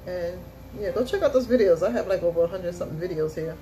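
A woman's voice: lowish voice, lively intonation, fast talker, dark tone, poor audio. A woman vlogger talking through her makeup tutorial in a chatty, exuberant way, repeating her catchphrases. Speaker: beauty vlogger. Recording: music playing behind her.

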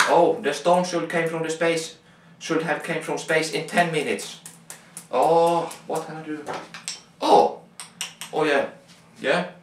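A young man talks slowly in a rambling, halting comic monologue, often breaking off to exclaim to himself. His voice sits a little high for a man, and he sounds set back from the mic in an echoey room. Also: a little hiss or hum. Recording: roomy, from far off the mic.

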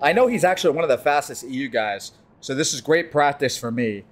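An American man on a live stream, chatting casually and excitedly with his viewers and greeting them by name while he races. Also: mid-range voice, brisk. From United States. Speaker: gaming livestreamer.

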